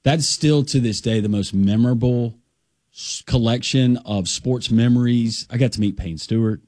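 A man's voice: medium pitch, normal speed, a little mellow, no echo, studio quality. A man from Alabama hosting sports radio talk, conversational and reminiscing. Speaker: radio host.

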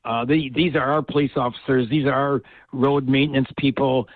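Local official, male, halting speech with repeated phrases, heard over a thin phone-like line. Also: medium pitch, flat delivery, dry recording. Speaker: town board chair. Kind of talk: interview clip. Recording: tinny phone-like dry audio.

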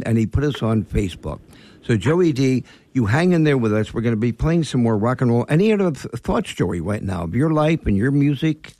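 A radio host with a middle-pitched voice. He chimes in with brief reactions and hands the talk between guests. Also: dark tone. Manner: interjects short reactions.

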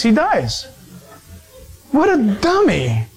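A man with a high voice preaching a sermon. He tells his stories with animation, laughs often and restarts his sentences as he goes. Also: animated, unhurried, rough recording.

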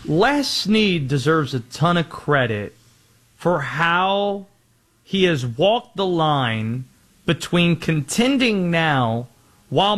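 A man's voice: fairly high pitch, a bit bright. A man hosting a sports talk show, setting up stories and throwing questions to his co-host. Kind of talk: sports news segment hosting.

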